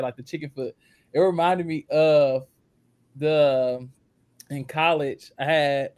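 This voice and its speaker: A man on a casual podcast panel, talking in a relaxed way and laughing easily. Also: on the high side, no room sound.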